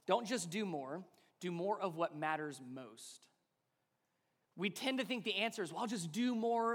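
A pastor in his thirties preaching a sermon, shifting between animated storytelling and soft, slow emphasis. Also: high voice. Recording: long hall reverb.

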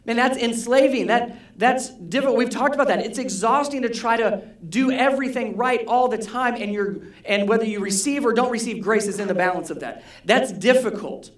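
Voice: mid-range voice, fairly quick, few pauses. A pastor preaching a conversational sermon, often asking the congregation questions and repeating key words. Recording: roomy hall echo.

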